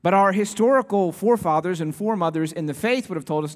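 A man delivers an earnest sermon, explaining scripture through homely everyday examples. His voice sits somewhat high for a man. It carries a long, ringing church reverb. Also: quick pace, few pauses, darkish tone. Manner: earnest, conversational preaching with everyday illustrations. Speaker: pastor. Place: church sanctuary.

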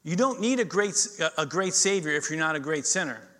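In a slightly high, expressive voice, a middle-aged pastor preaches briskly, telling stories that swing from loud emphasis to hushed intensity.

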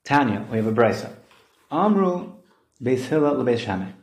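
A man giving a Talmud study lesson, explaining lively and acting out the quoted voices. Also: mid-range voice, moderate pace. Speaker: Talmud teacher. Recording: roomy echo.

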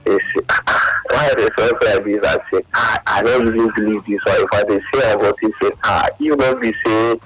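A man's voice: fairly low pitch, fairly even intonation, fairly bright tone, low-quality recording. Nigerian man telling a heartbreak story. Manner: halting, tearful retelling in pidgin-laced English. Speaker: caller. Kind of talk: emotional phone-in story.

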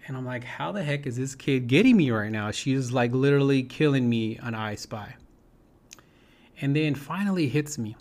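Man, casual storytelling, rambling, lots of "you know", mid-pitched voice. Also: expressive, moderate pace, a little mellow. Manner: rambling, self-repeating, frequent "you know" and "right?". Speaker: speaker sharing a personal story. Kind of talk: informal storytelling talk.

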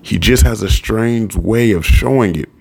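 Tired mom talking slow and resigned, as a man reading puts her on. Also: fairly low pitch, creaky, a little mellow, pitched above the performer's own voice. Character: weary mother who keeps defending her boyfriend. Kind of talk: audiobook character voice.

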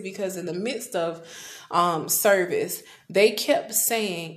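A woman's voice: medium pitch, takes it slowly. A woman in her thirties hosting a personal faith podcast, earnest and confessional, sometimes dropping to a whisper. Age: 30s. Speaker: podcast host. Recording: echoey room with faint background noise.

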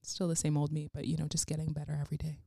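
A woman's voice: low-pitched, monotone, rapid-fire, vocal fry, mellow, no room sound, studio quality. A young woman guest-interviewing on a podcast, bubbly and giggly, chatting in long run-on stretches. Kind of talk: casual podcast chat.

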